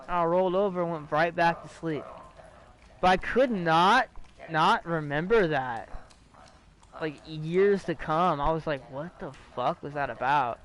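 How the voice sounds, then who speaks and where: A man's voice: a little high, normal speed, a bit bright, low-quality recording. A young man streaming, telling a ghost story to his chat in a rambling, profane way, full of restarts and fillers. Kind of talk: casual livestream storytelling.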